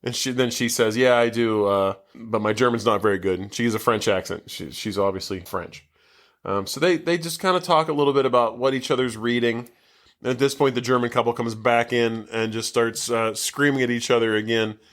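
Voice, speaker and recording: A man's voice: mid-range voice, a little fast, a bit bright. Rambling podcast man recapping a movie. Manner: rambling, loose recap with many fillers. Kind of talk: casual chat. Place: basement.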